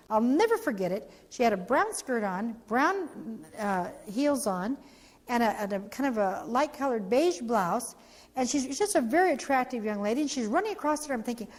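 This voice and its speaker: A woman, an organization's founder, giving an animated storytelling talk for a training video, acting out the voices she quotes. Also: fairly high pitch, long reverb tail.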